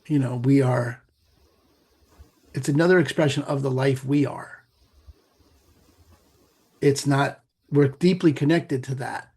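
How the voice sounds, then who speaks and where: A middle-aged man, a meditation teacher and podcast guest, explaining in a relaxed conversational way with playful asides. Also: mid-range voice, takes it slowly, long pauses. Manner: gravelly, husky, animated with playful asides.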